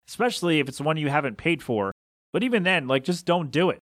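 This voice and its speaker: A man's voice: a little high, fast talker, a bit bright, dry recording, clean studio sound. A man hosting a solo podcast, ranting in disbelief with rhetorical questions and coughing a bit. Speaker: podcast host.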